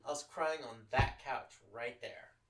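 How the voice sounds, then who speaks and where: A man's voice: medium pitch, a little slow, a bit bright, echoey room, far from the mic, poor audio. A man from Los Angeles hosting a podcast, telling a personal story in casual chat, candid and full of swearing. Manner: profane, candid, emotional storytelling. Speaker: podcast host.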